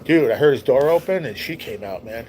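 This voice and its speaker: A man's voice: mid-range voice, animated, a little fast, background noise. A man hosting a livestream, telling a personal story in a rambling, heartfelt way and swearing often. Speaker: livestream host. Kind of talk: casual storytelling to a live chat.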